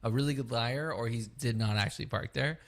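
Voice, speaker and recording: Speaking in a mid-range voice at a slightly fast clip, a man who co-hosts a podcast tells a story during casual chat. He swears freely and performs both sides of the tale.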